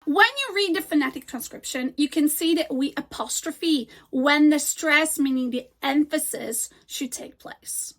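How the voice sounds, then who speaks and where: A high-pitched woman gives a scripted English grammar lesson. She slows right down to model each example word with care. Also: a bit bright. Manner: slow, deliberate modeling of example words. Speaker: English teacher.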